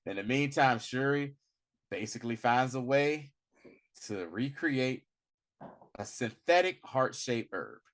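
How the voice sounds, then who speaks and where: A man talking casually as a podcast host reviewing a film, slangy and animated, acting out the lines he recounts. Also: medium pitch, a little slow. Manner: animated, slangy, acts out quotes in bursts. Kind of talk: casual movie review chat.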